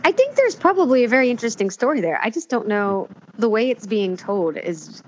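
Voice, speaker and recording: A woman in casual chat, animated and giggly, with many fillers and restarts. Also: a little high, fairly quick. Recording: dull lo-fi sound with faint room noise.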